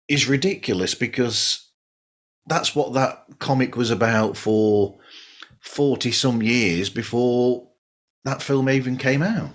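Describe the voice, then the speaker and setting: A man hosting a podcast, chatting in a relaxed, rambling way. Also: medium pitch, unhurried. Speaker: podcast host. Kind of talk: casual podcast chat.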